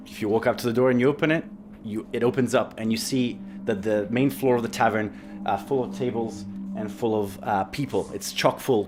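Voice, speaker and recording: Low-voiced man narrating a tabletop game. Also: a little mellow, a little hiss or hum. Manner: meandering, many fillers. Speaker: game master.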